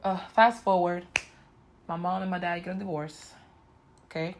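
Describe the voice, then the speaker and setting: A woman's voice: lowish voice, steady tone, moderate pace, background noise. A woman in her twenties telling a painful personal story to her viewers, frank and emotional, often addressing them directly. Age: 20s. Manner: emotional, frank, talks straight to viewers with "y'all" and "you know". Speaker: vlogger. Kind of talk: candid personal story told to camera.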